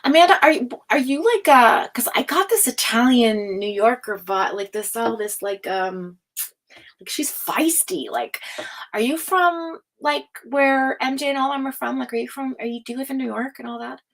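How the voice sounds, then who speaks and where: A woman hosting a live tarot stream, chatting casually, reading out viewer comments, laughing often and slipping into hushed asides. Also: high voice, lively intonation, normal speed.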